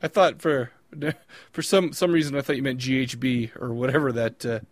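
A man's voice: mid-range voice, steady tone, moderate pace, no echo, clean studio sound. A man co-hosting a podcast in casual banter, teasing and quipping with frequent laughs. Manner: playful teasing, laughs often, quips. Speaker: podcast co-host.

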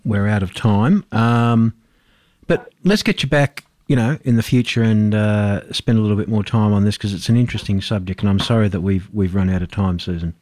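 A man's voice: lowish voice, fairly quick, darkish tone, no room sound. A man hosting a radio talk show, chatty and self-deprecating, with frequent restarts, on a studio microphone. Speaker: radio host.

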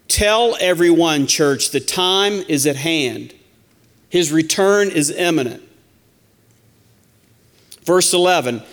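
A man's voice: on the high side, big pitch swings, measured pace, a bit bright, long reverb tail. A man teaching a Bible study in sermon style, reading scripture aloud and repeating key lines to the church.

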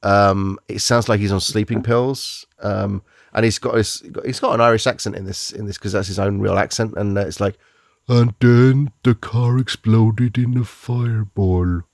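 A man's voice: on the low side, steady tone, brisk, creaky, no echo, clean studio sound. A man hosting a podcast, reviewing films in casual, rambling chat, often restarting and searching for words.

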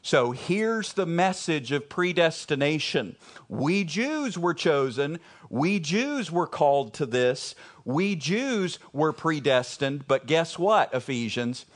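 A man's voice: on the high side, very animated, slow. A man with a Texan accent preaching a conversational, emphatic sermon to his congregation, repeating key phrases for emphasis. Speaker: pastor.

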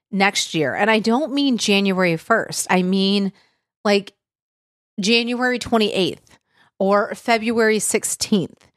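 A woman's voice: mid-range voice, no echo, studio quality. A woman hosting a casual motivational podcast, chatty and full of filler words, with a tickle in her throat. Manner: chatty, lots of "like" and "um". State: throat tickle, clearing throat and coughing. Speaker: podcast host. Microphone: podcast mic.

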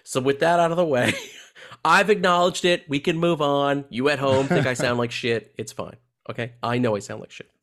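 A man's voice: mid-range voice, normal speed, fairly bright tone. A man hosting a casual podcast, congested from a head cold, profane and joking as he talks. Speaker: podcast host.

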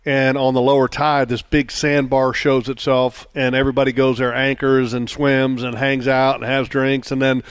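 A man co-hosting a casual radio chat, rambling with many restarts and getting excited about food. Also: mid-range voice, normal speed, few pauses, clear, resonant tone, no room sound. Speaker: co-host.

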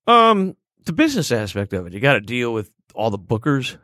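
Male comedian guest, animated storyteller, jokey, dry close studio sound. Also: medium pitch, brisk, no echo. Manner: animated, jokey, acts out voices in his stories, laughs often. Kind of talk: casual storytelling interview. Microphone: studio microphone and headphones.

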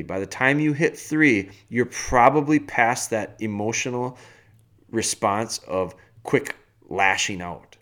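A man hosting a dog-training podcast, delivering a blunt, animated rant in a casual way. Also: mid-range voice. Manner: blunt, animated, firm and fast-talking. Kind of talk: casual ranting monologue.

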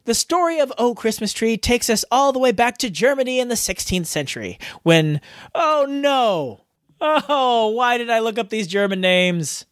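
Lively, self-mocking podcast host. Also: medium pitch, fairly quick, hardly any pauses, dry recording. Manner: self-mocking, stumbles over names and restarts lines. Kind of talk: reading a script, blooper takes.

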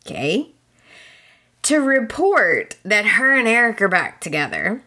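A woman recapping a soap opera on her podcast, with a bright, forceful voice. She takes her time and sounds gossipy and exasperated, often turning to her listeners. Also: medium pitch, very animated, slow pace, pauses often. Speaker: podcast host.

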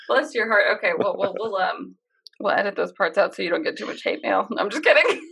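A woman's voice: medium pitch, lively intonation, a little fast, creaky, fairly bright tone, a little hiss or hum. A woman co-hosting a casual podcast chat, talking in a chatty, teasing way with frequent laughs. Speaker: podcast co-host.

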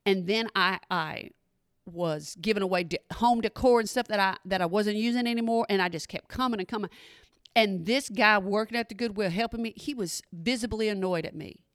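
A woman's voice: mid-range voice, brisk, smooth, no room sound, studio quality. A woman hosting a podcast, chatting casually and directly to her listeners. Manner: chatty, keeps addressing listeners as y'all. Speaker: podcast host. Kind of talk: casual solo chat.

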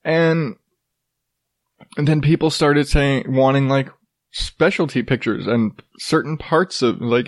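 A man's voice: mid-range voice, takes it slowly, no room sound. A man in his thirties hosting a podcast, riffing sarcastically on odd news stories with lots of swearing and laughter. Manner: profane, sarcastic, laughs often. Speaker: podcast host. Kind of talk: casual comedic news commentary.

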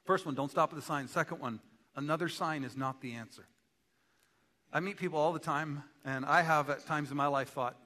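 Pastor guy preaching, bright punchy voice, kinda high, big echoey church hall. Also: brisk. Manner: animated, emphatic preaching with acted quotes. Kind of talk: sermon.

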